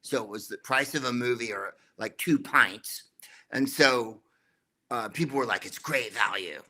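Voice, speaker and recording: A middle-aged man, a comedian guest in an interview, telling anecdotes in a wry, dry way with quick asides. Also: medium pitch, sharp tone. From United States.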